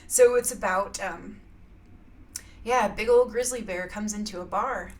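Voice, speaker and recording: A woman's voice: medium pitch, unhurried. A woman chatting casually in a vlog, rambling with lots of fillers and frequent laughs. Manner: rambling, laughs often, many filler yeahs. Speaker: vlogger sharing spiritual reflections. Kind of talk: casual chat.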